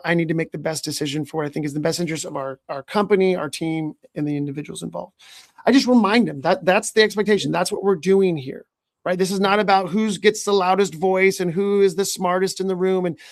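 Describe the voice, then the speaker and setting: A man's voice: sits high, vocal fry, no room sound, clean studio sound. A man hosting a podcast as a leadership coach, giving earnest advice and often checking in with "right?". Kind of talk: podcast conversation.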